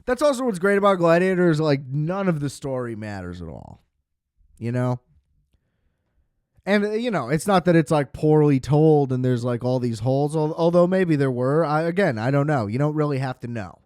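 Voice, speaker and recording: A young man talks through a film review on his podcast, looping back on himself, swearing freely and sounding sarcastic. His voice is smooth and clear and sits a little high for a man. It is recorded close and dry, with no room sound. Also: expressive, normal speed, darkish tone, no room sound. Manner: rambling, sarcastic, swears freely, many fillers. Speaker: podcast host. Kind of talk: casual film review monologue.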